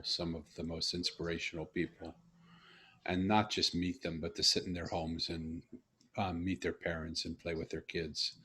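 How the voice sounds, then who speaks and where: A man with a very low, husky voice tells a long personal story to a guest. He speaks earnestly and reflectively, pausing and restarting as he searches for the right words. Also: pushed and bright. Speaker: host. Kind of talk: conversational storytelling.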